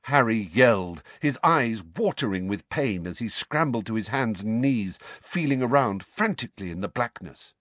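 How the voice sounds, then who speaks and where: A man's voice: mid-range voice, animated, moderate pace, few pauses, fairly bright tone, no room sound. A man narrating an audiobook, reading a tense fantasy scene dramatically. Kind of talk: scripted narration.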